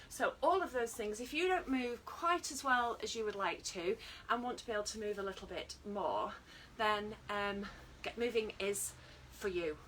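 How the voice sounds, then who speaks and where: A woman's voice: a little high, a bit bright, far from the mic, a little hiss or hum. A British woman teaching an online exercise class, chatty and encouraging, joking at her own expense. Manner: chatty, encouraging, self-deprecating. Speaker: fitness instructor.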